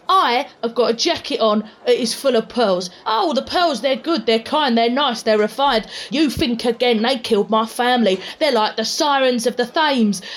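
A rambling Cockney street eccentric, acted by a woman, who chatters in a high, sing-song voice and breaks into cackles. She sounds like part of a comic audio sketch. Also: lightly acted. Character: loud eccentric middle-aged London street woman.

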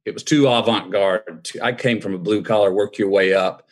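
A man in his fifties with a lowish voice speaks at a moderate pace in a steady tone. As a guest, he tells a personal story in a folksy, reflective, conversational way, acting out the dialogue he quotes.

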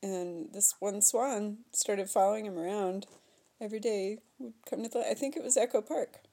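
A woman's voice: medium pitch, moderate pace, creaky, warm tone. A woman co-hosting a casual chat, playful and teasing, who laughs often between her stories.

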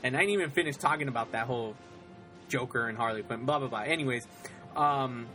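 A man chatting casually as a podcast co-host, rambling and excitable, laughing often. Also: mid-range voice, fast talker, soft background music. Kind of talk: casual chat.

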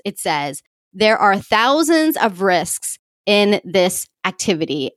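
A woman coach casually telling a story to her listeners, animated and quick to laugh, acting out the dialogue. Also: fairly low pitch, dry recording, studio quality. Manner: animated, laughs often, acts out quoted dialogue.

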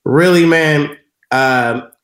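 A man's voice: fairly high pitch, drawn-out words, fairly bright tone, roomy sound. A man talking as a guest in a casual chat, laid-back and chuckling. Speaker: guest rapper.

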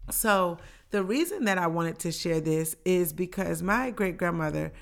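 Young woman podcaster, slightly low voice, earnest and reflective storytelling. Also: lively intonation, unhurried, vocal fry. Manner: earnest, reflective, faith-filled. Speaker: podcast host. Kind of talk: personal storytelling.

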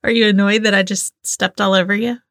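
A woman co-hosting a podcast, chatting casually and giggling often. Her voice is bright and forward. She keeps the talk loose and friendly. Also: medium pitch, level tone, fairly quick. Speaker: podcast co-host. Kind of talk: casual chat.

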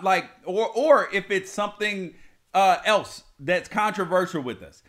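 A man co-hosting a casual couple's chat show, telling stories in an animated, joking way. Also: high-pitched, unhurried. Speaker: podcast co-host.

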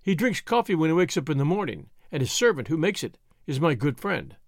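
A man's voice: on the high side, very animated, brisk, dry recording. Cunning servant slipping his master a wicked idea, man narrating him, dry close sound. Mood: sly. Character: sly scheming male servant, loyal.

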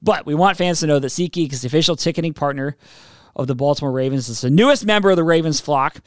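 A man's voice: on the high side, fast talker, dry recording, clean studio sound. A man co-hosting a sports podcast, reading sponsor spots and teasing his partner in casual banter. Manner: reads ad copy, teasing, laughs often. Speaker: podcast co-host.

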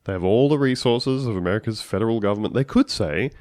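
Podcast co-host, male, low register, dry booth sound, sarcastic riffing. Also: quick pace, hardly any pauses, no room sound. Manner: animated, sarcastic, acts out quotes. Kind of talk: casual political chat.

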